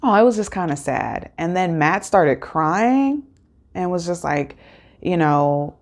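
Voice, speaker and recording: A woman's voice: on the low side, animated, slow. A woman hosting a casual episode recap, rambling and chatty with many fillers and restarts. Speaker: host.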